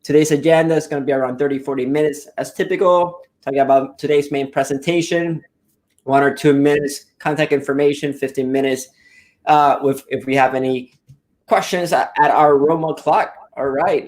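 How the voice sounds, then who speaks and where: A man's voice: on the high side, darkish tone. A man hosting a casual live-stream webinar, talking eagerly and rambling with many fillers and restarts. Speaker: webinar host.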